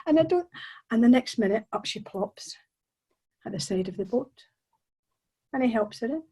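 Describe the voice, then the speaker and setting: A woman, performing a folk tale as a storyteller, with animated, suspenseful, chatty asides to the audience. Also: fairly high pitch, normal speed, breathy edge, rough recording.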